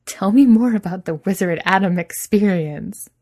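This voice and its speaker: A woman voicing a playful, dramatic young male wizard, teasing and animated. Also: mid-range voice, moderate pace, pitched above the performer's own voice, lightly acted. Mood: amused.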